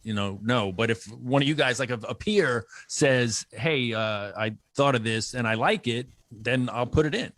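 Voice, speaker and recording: A man from New York, a comedian guest on a radio show, chatting casually with halting restarts. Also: mid-range voice, fairly bright tone, no room sound. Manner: halting, repeats words when starting.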